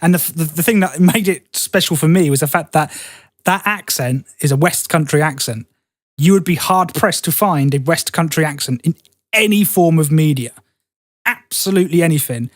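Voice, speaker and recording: Male co-host, rambly chatter, higher voice, dry recording. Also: moderate pace, no room sound. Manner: rambling, restarts mid-phrase, animated when telling trivia. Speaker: podcast co-host. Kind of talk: casual chat.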